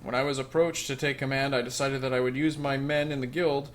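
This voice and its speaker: A man reading the lines of a stern male guild official who has taken charge of a sealed city, in a brisk, official manner. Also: mid-range voice, fairly even intonation, a little hiss or hum, natural voice. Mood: officious.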